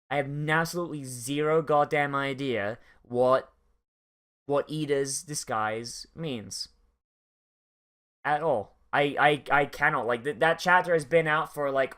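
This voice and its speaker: A young man hosts a casual anime reaction, his voice sitting a little higher than most men's. He rambles from thought to thought, swears freely, and keeps restarting his sentences with plenty of fillers. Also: a bit bright.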